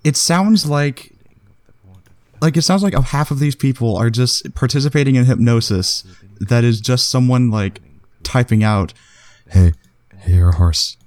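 A man co-hosting a casual comedy podcast who jokes in a deadpan way and is often crude. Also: mid-range voice, moderate pace. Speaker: podcast co-host.

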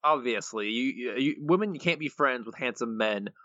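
A man's voice: mid-range voice, animated, moderate pace, sharp tone, no room sound, muffled recording. A man co-hosting a podcast, recapping an episode casually with dry sarcasm. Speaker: podcast co-host. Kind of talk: casual episode review chat.

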